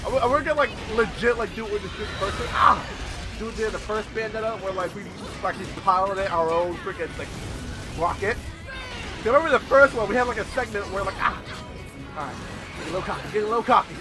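A young man giving casual, excitable commentary while playing a video game, swearing and repeating lines from the game. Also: sits high, fast, over music. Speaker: gameplay video host. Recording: loud game soundtrack behind.

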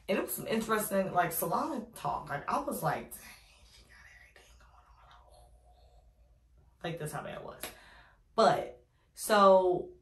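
A young woman with a lowish voice tells a casual story to her viewers. She is animated and sassy, drops slang, and keeps calling them y'all. The sound is roomy and echoey. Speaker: vlogger telling a story. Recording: roomy echo.

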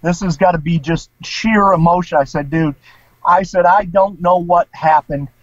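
A man's voice: high voice, moderate pace, dry recording. A middle-aged man, a former priest, telling his personal story in a casual interview, informal and emotional. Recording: dull lo-fi sound.

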